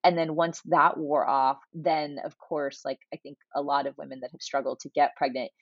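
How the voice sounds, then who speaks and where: Husky low-voiced woman in her forties. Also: normal speed, no room sound, highs cut off. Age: 40s. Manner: chatty, animated storytelling with many fillers. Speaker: guest. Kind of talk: casual conversational interview.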